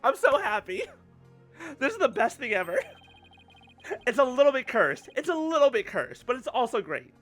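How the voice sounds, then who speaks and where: A man giving excitable let's play commentary, swearing casually. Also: very high voice, moderate pace, pauses often, soft background music. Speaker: streamer.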